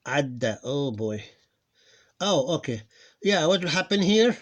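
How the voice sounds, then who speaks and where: A man who is losing his voice, teaching a pronunciation lesson. He talks haltingly, repeats words and drills sounds slowly, clearing his throat now and then. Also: a little high, very animated, a bit bright. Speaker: Arabic teacher. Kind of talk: live online lesson.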